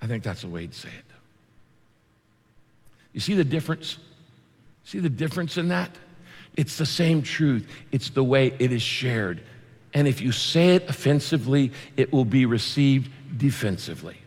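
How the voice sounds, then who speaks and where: A man preaching a sermon in a conversational way, with vivid asides and quick shifts in delivery. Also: medium pitch, lively intonation, darkish tone. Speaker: pastor. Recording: long hall reverb.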